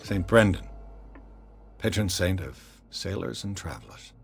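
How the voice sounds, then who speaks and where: An actor playing a composed investigator hero in a game, speaking in a measured, reserved way. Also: male voice, low-pitched, animated, vocal fry, slight background noise, full character voice.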